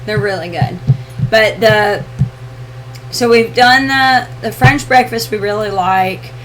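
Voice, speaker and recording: A woman co-hosting a casual live question-and-answer chat, easygoing and quick to laugh. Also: medium pitch, a bit bright, a little hiss or hum. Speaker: co-host of homestead channel.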